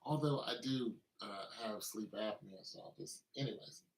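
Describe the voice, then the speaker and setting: A man's voice: on the low side, normal speed. A man in his fifties, a beatmaker chatting casually and grumbling in a rambling way that trails off mid-sentence. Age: 50s. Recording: roomy, distant mic with music behind. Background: beat music playing.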